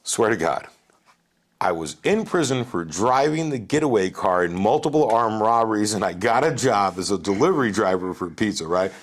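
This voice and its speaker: Gravelly low-voiced man telling his story. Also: moderate pace. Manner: animated, profane, keeps asking "right?". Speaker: podcast guest. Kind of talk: casual storytelling interview.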